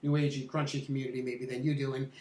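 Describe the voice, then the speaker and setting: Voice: medium pitch, level tone, quick pace, darkish tone. A middle-aged interview host who talks in a rambling way, full of restarts and "uh". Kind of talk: conversational interview. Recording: echoey, distant from the mic.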